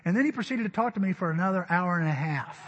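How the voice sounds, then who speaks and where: A man preaching a sermon, telling stories in an animated way and acting out what people said, sometimes crying out. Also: high-pitched, quick pace, long reverb tail, dull audio, a little hiss or hum. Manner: animated, acts out quotes and cries out. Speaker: pastor. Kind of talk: sermon with storytelling.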